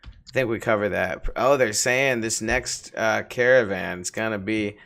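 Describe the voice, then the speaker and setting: A man's voice: on the low side, measured pace, vocal fry, a bit bright. A man co-hosting a casual podcast, joking around, laughing often and trailing off mid-thought. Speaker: podcast co-host. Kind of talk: casual chat.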